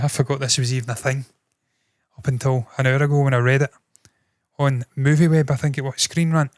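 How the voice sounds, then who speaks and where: A man hosting entertainment news, talking bluntly and swearing often as he riffs on his opinions. His voice sits at an ordinary, mid-range pitch. The sound is close and dry, with no room echo. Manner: blunt, swears freely, thinks aloud with restarts. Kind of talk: casual opinionated commentary.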